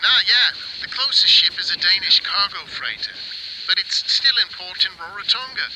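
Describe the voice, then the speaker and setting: A man's voice: sits high, lively intonation, normal speed, voice pushed up. A man voicing an easygoing male coast guard volunteer with a New Zealand accent, heard over a radio. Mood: laid-back. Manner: laid-back, slangy. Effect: radio transmission. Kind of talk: audio drama acting. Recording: noisy radio crackle.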